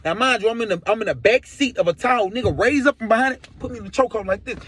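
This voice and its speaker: A young man telling a story from his past in a slangy, animated way, acting out what other people said. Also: high-pitched, rapid-fire, hardly any pauses, a little hiss or hum. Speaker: storyteller vlogger.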